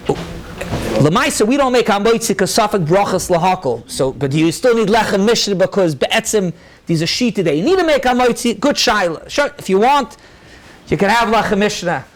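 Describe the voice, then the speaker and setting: A rabbi lecturing a room of listeners, his voice sitting high for a man. He moves briskly through the sources, answers questions as they come, and drops Hebrew and Yiddish terms into his English. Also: expressive. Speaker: rabbi teaching a class. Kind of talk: halachic lecture to a live audience.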